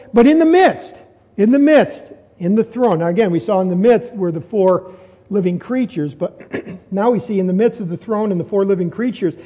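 Man, preacher, high voice, mellow tone, earnest, repeats phrases for emphasis, long church-hall reverb. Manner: earnest, repeats phrases for emphasis, rises when stressing points. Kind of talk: expository sermon.

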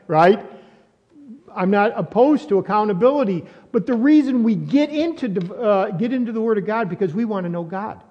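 A man's voice: high-pitched, darkish tone. A man preaching a sermon in a conversational way, asking rhetorical questions and often restarting his sentences. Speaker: pastor. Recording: muffled audio with long reverb.

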